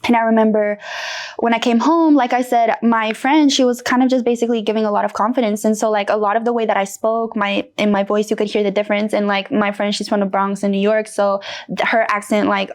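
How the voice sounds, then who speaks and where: A woman's voice: medium pitch, flat delivery, brisk. A woman in her late twenties from North Carolina, a guest telling her story frankly and with animation, with many fillers. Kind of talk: candid personal interview.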